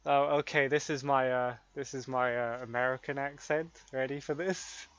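A man's voice: mid-range voice, steady tone, moderate pace, highs cut off, over a noisy crowd. A young man hosting a casual podcast chat who laughs often and makes fun of himself. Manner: self-deprecating and laughing a lot. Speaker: podcast host.

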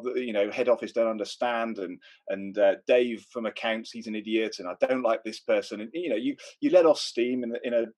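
A man's voice: medium pitch, darkish tone. A middle-aged British man co-hosting a podcast, explaining points with everyday examples. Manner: conversational, illustrates with examples. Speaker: podcast co-host. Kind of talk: casual chat.

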